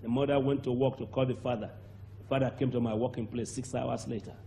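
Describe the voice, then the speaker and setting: Nigerian male preacher, mid-pitched voice, lively testimony style with acted-out dialogue and shouts, faint noise behind. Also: quick pace, creaky. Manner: animated storyteller, acts out voices, bursts into shouts and laughter. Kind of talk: sermon testimony.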